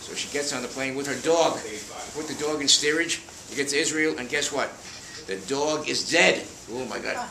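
A man's voice: medium pitch, normal speed, vocal fry, hardly any pauses, bright, forceful tone, echoey room, a little hiss or hum. An older man with a New York accent hosting a live bookshop event, telling rambling show-business anecdotes and acting out the quotes. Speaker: host. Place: bookshop event room with an audience.

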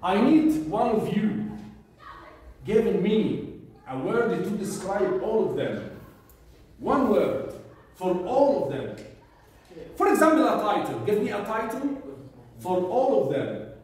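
A man teaching a vocabulary lesson, repeating each word slowly and drilling pronunciation with his class. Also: high-pitched, sing-song, darkish tone. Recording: echoey room, mic far off.

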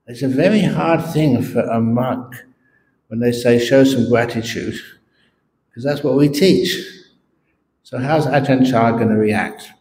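A Buddhist monk tells stories during a morning dharma talk, and he speaks slowly in a warm, mellow voice. He is a playful and animated storyteller. The recording rings in an echoey meditation hall, with faint room ambience behind him. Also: mid-range voice.

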